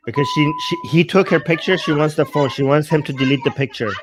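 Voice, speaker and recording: A man giving casual commentary while translating a video, halting and often restarting his sentences. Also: a little high, raised voice, background noise. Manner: halting, with frequent restarts and repeated words.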